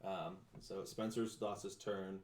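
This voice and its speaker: A man runs a tabletop game and reads the rules aloud in a relaxed way. His voice sits low. The room is echoey, with a faint hiss behind him. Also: slow pace. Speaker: game master.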